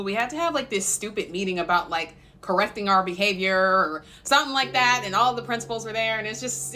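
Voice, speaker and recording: A young woman from Oklahoma rattles off a storytime at breakneck speed. Her voice is bright and forceful, chatty and animated, with frequent laughs. Her pitch sits mid-range for a woman. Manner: animated, chatty, laughs often, many fillers. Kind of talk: casual storytime.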